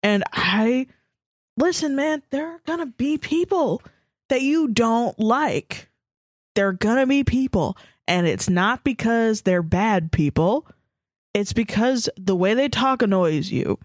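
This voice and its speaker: A woman's voice: a little high, expressive, takes it slowly, no echo, studio quality. A woman co-hosting a podcast, telling blunt, profane stories in casual chat. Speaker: podcast co-host.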